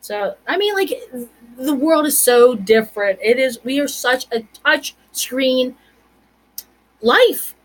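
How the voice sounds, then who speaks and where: A woman in her forties hosting a casual comedic vlog, telling stories in a chatty, animated way with playful asides. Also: high-pitched, slow pace, low-quality recording. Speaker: vlog host.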